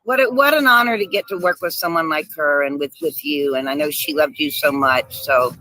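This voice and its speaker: Bright animated woman telling stories. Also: sits low, a little fast, dry recording, low-quality recording. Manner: animated storyteller, laughs often. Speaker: guest actress. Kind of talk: casual storytelling chat.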